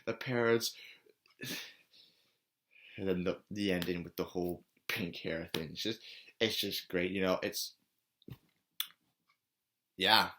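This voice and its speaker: A young man rambling through a nostalgic monologue, swinging from mumbling to excited shouts. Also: low voice, measured pace, long pauses. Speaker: video creator.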